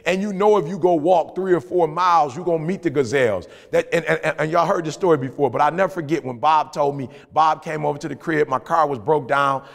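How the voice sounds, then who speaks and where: A man with a high, gravelly voice talks in a motivational, casual podcast style. He tells stories with animated emphasis, repeating phrases and pushing his pitch up on key points. The sound carries a long reverb from the room. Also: fairly quick, hardly any pauses. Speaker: podcast co-host.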